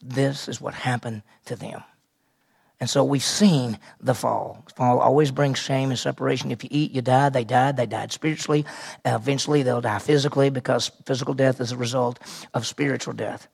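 Gravelly, husky preacher man. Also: medium pitch, steady tone, moderate pace, a little mellow. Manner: asks the audience questions and answers them, repeats key phrases. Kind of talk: sermon teaching.

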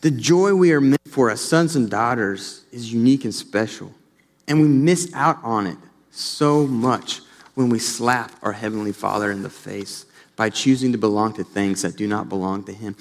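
A young adult man preaching an earnest sermon as a pastor, turning animated when he tells a family story. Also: lowish voice, moderate pace. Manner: earnest, rises animated when telling stories. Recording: long reverb of a large hall.

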